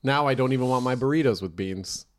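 A man from Northern California co-hosting a casual podcast, chiming in with quick jokes and reactions. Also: mid-range voice. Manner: quick reactive banter, jokey interjections. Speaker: podcast co-host.

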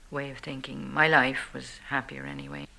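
A woman reflecting on her married life in an interview, speaking softly and haltingly. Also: extremely low pitch, little pitch movement, gravelly. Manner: soft, halting and thoughtful.

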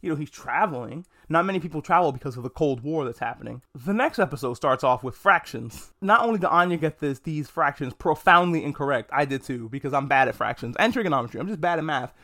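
A man with a slightly high voice talks alone on a casual review podcast. He is frank and joking, and he swears freely. His speech is easygoing and off the cuff. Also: animated, quick pace, few pauses, bright, forceful tone. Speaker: podcast host. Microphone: podcast mic.

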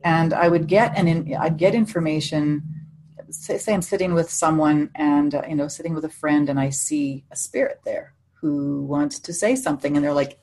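A woman's voice: low-pitched, moderate pace, a little mellow. A middle-aged woman, a psychic medium, telling chatty stories in casual conversation, often laughing and restarting her sentences.

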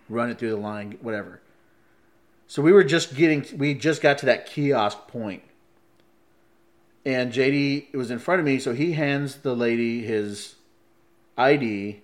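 A man in a casual chat, telling a story in an animated way, laughing often and acting out quoted lines. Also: mid-range voice.

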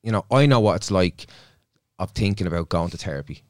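Man, middle-aged, low voice, dry studio sound, reflective guest storyteller. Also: fairly quick, a little mellow, dry recording. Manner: reflective, storytelling, often quotes himself. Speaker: therapist and podcast guest. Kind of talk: casual studio podcast chat. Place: podcast studio.

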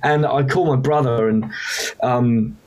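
A man's voice: medium pitch, fairly even intonation, unhurried, a little mellow, highs cut off. A man, a musician guest, frankly recounting a hard time in an emotional, casually profane way. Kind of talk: candid storytelling.

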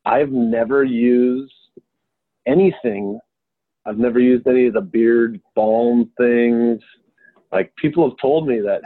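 Young guy, casual guest, self-deprecating rambler with lots of restarts; mid-pitched, dry, phone-thin call audio. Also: steady tone, unhurried, no room sound. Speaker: podcast guest. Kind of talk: casual chat. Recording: tinny phone-like remote call line.

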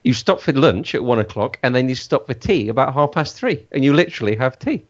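A man's voice: mid-range voice, expressive, brisk. A man hosting in casual banter, teasing and wry. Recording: dull lo-fi sound.

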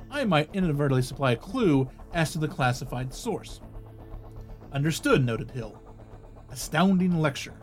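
A male podcast host reads a long article aloud in a voice a touch higher than most men's. Now and then he steps out of the text with loose, casual asides, stumbling and restarting a word here and there. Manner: conversational asides with small restarts.

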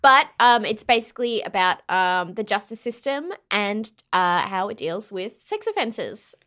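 A woman's voice: mid-range voice, big pitch swings, unhurried, pushed and bright. A woman in a casual book chat, enthusiastic, with lots of ums and uhs. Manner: enthusiastic, many fillers. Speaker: podcast co-host.

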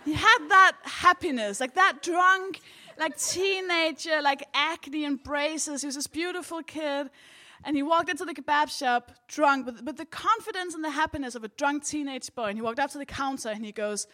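Bright, high-voiced woman doing stand-up. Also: normal speed. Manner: animated storytelling, laughing. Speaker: co-host and stand-up comedian. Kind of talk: stand-up comedy routine. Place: live comedy venue with audience.

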